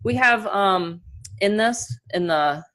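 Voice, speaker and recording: A middle-aged woman with a New York accent, giving an energetic, upbeat webinar as an online marketing coach over a video call. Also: mid-range voice. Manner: energetic and upbeat, talks in quick bursts. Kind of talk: live webinar presentation.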